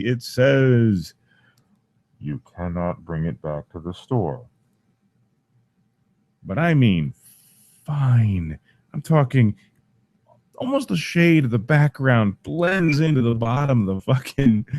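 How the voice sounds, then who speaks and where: A man's voice: on the high side, gravelly, darkish tone, no room sound. A father ranting angrily to camera, swearing constantly and sounding fed up. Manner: profane, exasperated. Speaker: parent. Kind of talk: angry rant to camera.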